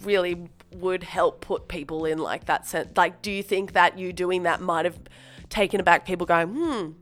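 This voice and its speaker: Low-voiced woman asking follow-ups. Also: steady tone, moderate pace, fairly bright tone, faint music behind. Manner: prompting, asks follow-up questions. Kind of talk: casual interview chat.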